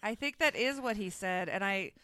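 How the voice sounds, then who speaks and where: A woman's voice: mid-range voice, moderate pace, sharp tone, smooth, dry recording, clean studio sound. A woman co-hosting a podcast in casual chat, joking playfully. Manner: joking, playful, does voices. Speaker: podcast co-host.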